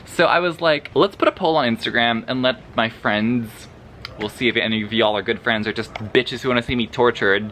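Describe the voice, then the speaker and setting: A man's voice: mid-range voice, pushed and bright, a little hiss or hum. A man vlogging a book review, sarcastic and dramatic, swearing freely and laughing between remarks. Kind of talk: casual vlog review.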